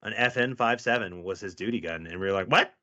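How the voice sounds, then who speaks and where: A man's voice: lowish voice, fast talker. A man, a podcast co-host and police officer, telling stories in casual chat, cursing freely and acting out the people he quotes. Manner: profane, animated, acts out quoted people. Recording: dull lo-fi audio.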